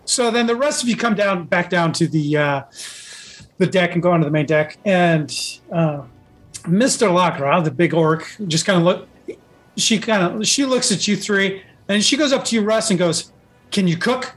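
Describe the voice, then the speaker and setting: High-voiced man running a tabletop game. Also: normal speed, a bit bright. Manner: rambling, filler-heavy narration. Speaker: game master.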